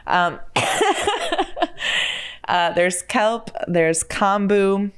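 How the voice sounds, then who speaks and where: Low-voiced chatty woman podcaster. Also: a little slow, smooth. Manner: chatty and self-deprecating, stumbles over words and laughs at herself. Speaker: podcast host. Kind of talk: casual solo podcast chat.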